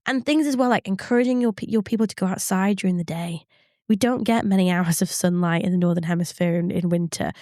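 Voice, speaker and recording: A woman co-hosting a podcast, explaining workplace psychology in a measured way with many fillers. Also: fairly low pitch, darkish tone, dry recording, studio quality. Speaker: psychologist co-host. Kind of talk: podcast advice chat.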